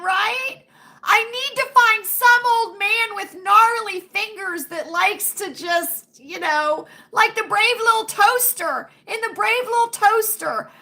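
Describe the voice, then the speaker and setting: Slow-talking high-voiced woman chatting with viewers. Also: pushed and bright. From United States. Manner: chatty, talks straight to chat, drawn-out emphatic asides. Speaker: livestream host. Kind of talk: casual livestream chat with viewers.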